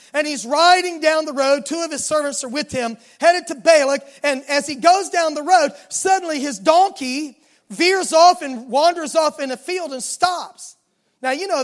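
High-voiced pastor telling a Bible story. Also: male voice. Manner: animated, retells scripture in lively casual words with quoted dialogue. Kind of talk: sermon storytelling.

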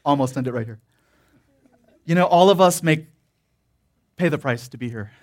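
A man with a notably high voice preaches in a loose, chatty way. He rambles through his story with plenty of fillers and easy laughter. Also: moderate pace, darkish tone. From Korean church background. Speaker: pastor. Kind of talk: sermon.

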